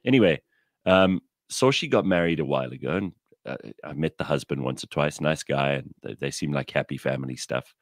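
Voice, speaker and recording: A man's voice: rumbling low, fairly quick, no echo, clean studio sound. A man telling blunt, irreverent stories in a casual chat. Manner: animated storyteller, blunt and irreverent. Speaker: podcast co-host.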